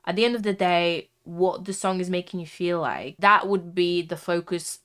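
Young woman vlogger, lower voice, chatty and sincere reaction talk with lots of fillers. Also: moderate pace, a bit bright. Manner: chatty, heartfelt, frequent "like" fillers. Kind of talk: casual reaction commentary.

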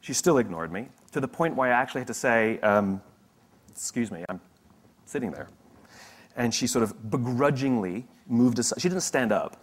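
A man's voice: medium pitch, lively intonation, a little fast, hardly any pauses. Conversational male motivational speaker. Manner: conversational storyteller with humorous asides. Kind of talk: motivational talk to an audience.

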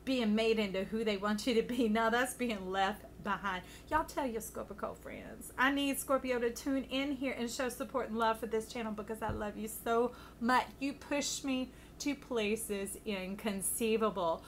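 A woman giving a casual, chatty tarot reading to her viewers, affectionate and quick to laugh. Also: a little high, slight background noise. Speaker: tarot reader.

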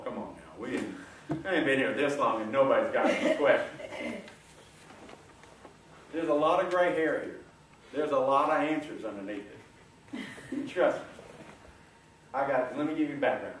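A middle-aged man giving a folksy, animated motivational talk to a room, coaxing the audience along. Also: on the high side. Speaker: guest speaker. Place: large lecture room. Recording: echoey room, distant mic, faint hiss.

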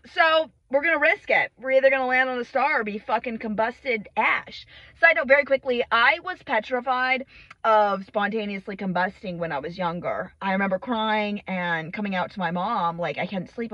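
A woman's voice: on the high side, bright, forceful tone, dry recording, lo-fi sound. A young woman vlogging from her phone at arm's length, rambling through sweary, self-mocking comic tangents. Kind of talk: rambling comedic vlog monologue. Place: in and around a car. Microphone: phone held at arm's length.

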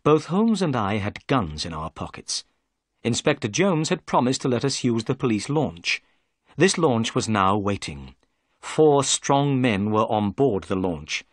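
A man giving clear, measured narration of a graded reader story. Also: mid-range voice, very animated, dry recording, studio quality.

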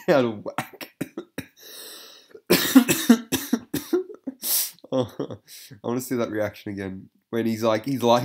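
A man's voice: on the low side, a little mellow. A man giving casual reaction commentary, rambling with lots of fillers, swearing and frequent laughter.

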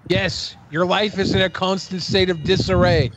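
A man's voice: sits high, flat delivery, moderate pace, very noisy. A man co-hosting a commentary show, mocking and blunt, swearing freely. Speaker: co-host. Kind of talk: commentary on clips.

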